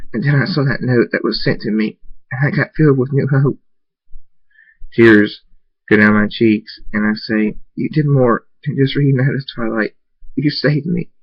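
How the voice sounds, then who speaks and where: A man's voice: lowish voice, no room sound. A man reading his own first-person fan story aloud, often stumbling and repeating words as he goes. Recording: dull lo-fi recording.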